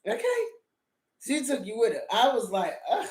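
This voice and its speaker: A middle-aged woman vlogger reviews a drama in an animated, casual rant, sassy and profane, laughing through her asides. Her fairly high voice swoops wildly in pitch at a normal speed, with a darkish tone and a roomy sound.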